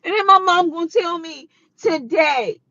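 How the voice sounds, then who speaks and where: In a dull lo-fi confessional clip, a crying woman talks to her audience, circling back over the same points with exclamations. She speaks at a moderate pace in an extremely high, sharp voice, with no echo.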